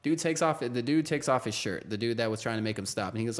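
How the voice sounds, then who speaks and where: A man with a voice of ordinary pitch, chatting casually. He tells stories with lively energy and drops into quick impressions of the people he describes. His talk is loose and filled with "like.". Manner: animated storyteller, acts out quotes, lots of "like". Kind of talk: casual chat.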